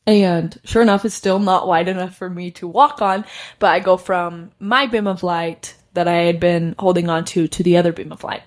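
A young woman tells her own story on a podcast in a relaxed, conversational way. Her voice sits a little low for a woman, and she often breaks into small laughs while filler words run through her telling. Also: normal speed. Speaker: podcast host. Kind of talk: casual personal storytelling.

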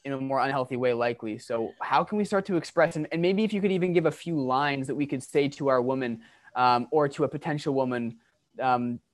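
A man's voice: medium pitch, fairly quick. Curious, enthusiastic male podcast host. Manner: curious, enthusiastic, loose and swearing casually. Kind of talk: casual podcast interview.

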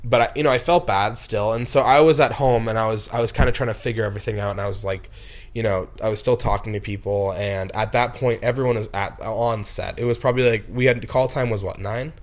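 A man's voice: fairly low pitch, fairly even intonation, fast. Rambling young man telling a story. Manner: rambling, heavy with "like" and restarts, flares into angry outbursts. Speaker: film director. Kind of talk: casual storytelling.

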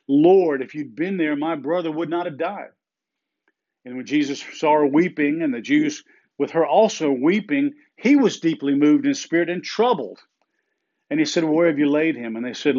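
A middle-aged man preaching a sermon in an earnest way, slowing down and repeating phrases for emphasis. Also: medium pitch, a little mellow, muffled recording. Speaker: pastor.

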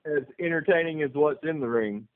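A man's voice: fairly high pitch, fairly quick. A man co-hosting a podcast, trading wry, laid-back banter in a casual chat. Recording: tinny phone-like sound.

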